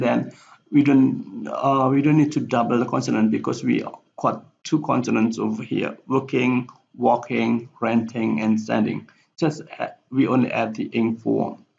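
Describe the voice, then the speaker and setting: A male teacher giving a recorded slide lecture, halting with frequent fillers and self-corrections. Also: mid-range voice, gravelly, darkish tone. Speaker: English teacher. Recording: dull lo-fi recording.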